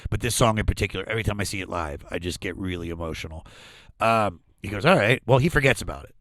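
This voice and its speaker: A man's voice: fairly low pitch, quick pace, no echo. A man, a comedian guest on a podcast, telling stories in casual chat and acting out voices as he goes. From Washington D.C. area. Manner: animated storyteller, acts out voices, frequent laughs.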